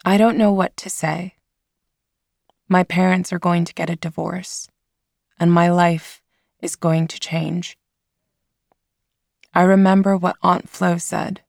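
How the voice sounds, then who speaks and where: Woman, audiobook narrator, first-person story, measured reading, gravelly, very slow. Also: fairly low pitch, little pitch movement, a little mellow, no room sound, clean studio sound.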